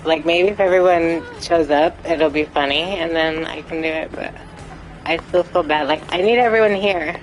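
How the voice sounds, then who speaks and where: A woman's voice: low-pitched, normal speed, soft background music, rough recording. A young woman streaming a game, chatting casually, apologetic and giggly. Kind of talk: casual gameplay commentary.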